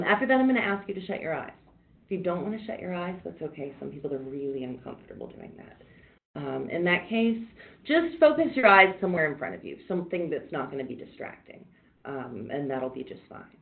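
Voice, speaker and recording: A woman mindfulness instructor leading a workshop, talking people through deep breathing in a calm, reassuring, conversational way. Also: gravelly. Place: workshop room. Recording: echoey room on a tinny, phone-like line.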